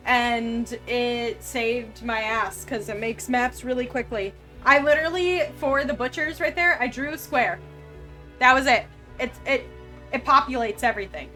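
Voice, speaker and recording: Chatty woman game master, slightly high voice. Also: a little slow, faint music behind. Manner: chatty, laughs often, narrates scenes with a steady storyteller's read. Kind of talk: narrating a tabletop game on a live stream.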